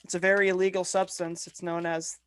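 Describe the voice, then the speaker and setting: A man's voice: sits high, level tone, fairly quick, a bit bright, clear, resonant tone. A man co-hosting a casual podcast chat who jokes and teases, then explains his ideas earnestly. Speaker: podcast co-host.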